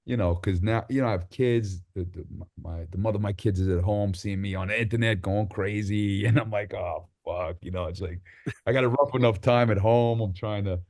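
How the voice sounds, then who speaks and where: A middle-aged man, a rapper as interview guest, telling stories in a rambling, animated way and acting out people he quotes. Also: on the low side, a little fast. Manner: animated, acts out quotes with sudden loud outbursts; rambling, many restarts and fillers, swears freely. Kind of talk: casual interview storytelling.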